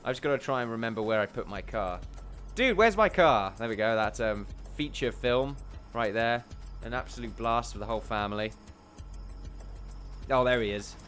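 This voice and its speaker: A man's voice: on the low side, fairly even intonation, moderate pace, a bit bright, faint music behind. A man giving chatty, rambling let's play commentary at a desk mic, tossing in jokey asides. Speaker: gameplay commentator.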